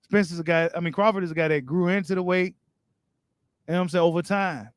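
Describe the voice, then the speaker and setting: A man's voice: sits high, steady tone, quick pace, clean tone, no echo. A man hosting a boxing live stream, reading viewer comments and giving his take in casual, slangy talk straight to his viewers. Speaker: boxing channel host.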